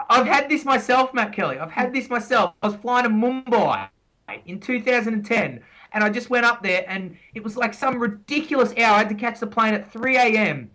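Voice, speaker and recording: A man's voice: very high-pitched, lively intonation, moderate pace, sharp tone, poor audio. A man co-hosting a casual podcast, delivering tips like a pep talk and repeating key phrases for emphasis. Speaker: podcast co-host.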